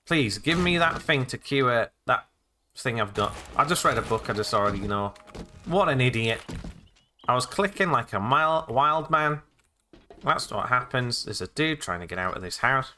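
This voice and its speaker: Male let's-player; joking, exclamatory, lively pitch swings, bright tone. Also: normal speed, a little hiss or hum. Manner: jokey, rambling, exclamatory asides. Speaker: gaming let's-play host. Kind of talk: casual gameplay commentary.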